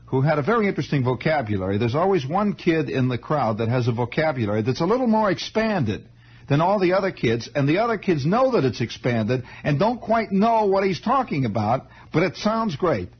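On a muffled 1960s radio broadcast, a male host with a slightly high, brisk voice and a breathy edge tells a digressive story in monologue. He is animated, interrupting himself and stammering through restarts.

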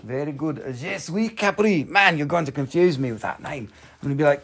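A man with a fairly high voice hosts a live stream selling rocks. He talks in loose, playful sales patter, cracking jokes and rambling between pieces. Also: fairly quick, vocal fry, fairly bright tone, slightly rough. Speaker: live stream rock seller.

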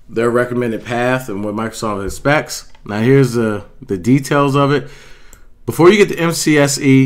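Guy teaching it certs, chatty and loose, lots of ums and restarts, plain mid-pitch voice. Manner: conversational, with frequent fillers and self-corrections. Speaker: IT certification instructor. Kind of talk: casual explanatory walkthrough.

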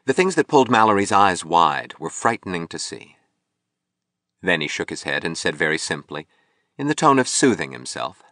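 Male audiobook narrator, low voice, even delivery, dry close mic. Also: moderate pace, dry recording. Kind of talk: scripted narration.

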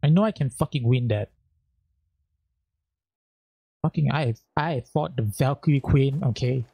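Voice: medium pitch, normal speed, vocal fry, warm tone, breathy edge, no room sound. A gaming channel host giving let's-play commentary, frustrated and cursing heavily at the game. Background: game music.

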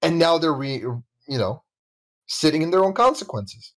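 A man's voice: fairly high pitch, animated, moderate pace, low-quality recording. A man hosting a voice call, talking bluntly and swearing, checking facts with the others as he goes. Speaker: channel host leading a voice call. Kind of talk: casual heated call chat. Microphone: voice chat call.

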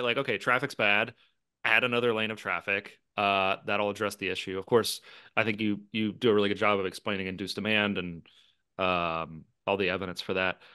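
A man with a bright, smooth, fairly low voice co-hosts a policy podcast. He speaks casually and with curiosity, checking in with "right?" as he works toward his question. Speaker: podcast co-host. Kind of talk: conversational podcast interview. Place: home in a city.

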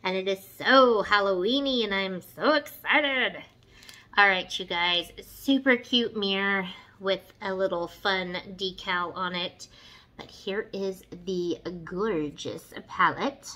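A woman, chatting excitedly through a makeup tutorial and gushing over the colors. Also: medium pitch, takes it slowly, low-quality recording. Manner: gushing, excitable, says "you guys" and "y'all". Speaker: beauty vlogger. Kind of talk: casual makeup tutorial chat.

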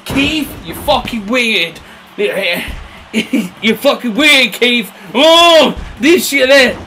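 A British man giving excitable, crude play-by-play of a mock wrestling battle, jumping between yelling and mumbling. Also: very high-pitched, very slow, a little hiss or hum. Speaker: comic wrestling commentator. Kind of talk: over-the-top play-by-play commentary.

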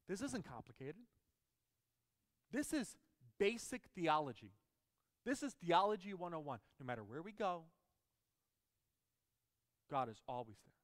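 A man's voice: fairly high pitch, very animated, unhurried, pauses often, long reverb tail. A man preaching a sermon as pastor, emphatic and putting questions to the congregation.

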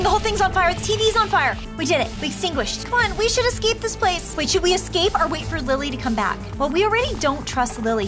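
A woman hosting an excited let's-play, reacting dramatically with squeals and gasps. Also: very high voice. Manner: dramatic, squealing and gasping at scares. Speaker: gaming video host. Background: game music.

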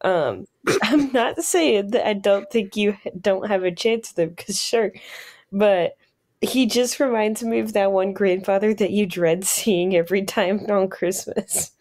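A woman's voice: medium pitch, measured pace, a little mellow. A young woman co-hosting a podcast, chatting casually with lots of hesitations and giggles. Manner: hesitant, filler-heavy, giggly. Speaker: podcast co-host. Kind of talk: casual chat.

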